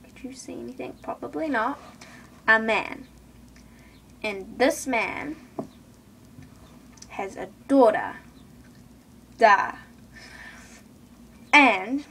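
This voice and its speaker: A woman's voice: on the high side, a bit bright, a little hiss or hum. A teenage girl telling a storytime rant to camera in an indignant, chatty way, full of fillers. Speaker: vlogger.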